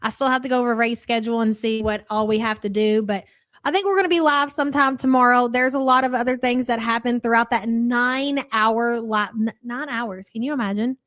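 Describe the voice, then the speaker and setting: A woman's voice: fairly high pitch, steady tone, a little fast, fairly bright tone, dry recording, studio quality. A woman hosting a live reaction stream, mocking and sarcastic, laughing often. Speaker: reaction channel host.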